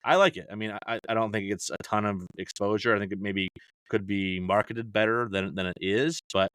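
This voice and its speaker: A man's voice: fairly low pitch, fairly even intonation, a little fast, fairly bright tone, clear, resonant tone, no echo. A middle-aged man chatting casually as a podcast guest, rambling with many "you know"s and restarts. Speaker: podcast guest, fantasy baseball analyst.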